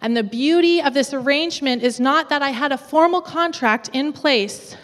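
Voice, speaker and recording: Lively woman preaching in a hall. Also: high-pitched, normal speed. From west coast of Canada. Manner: lively humorous storytelling. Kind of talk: sermon. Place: church auditorium.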